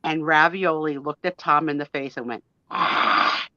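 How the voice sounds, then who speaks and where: A fifty-something woman appears as a guest on a live chat show, telling a story at a normal speed in a low, pushed, bright voice with a steady tone. Her telling is gushing, emotional and chatty, sprinkled with mild swearing, in a dull, dry, lo-fi recording.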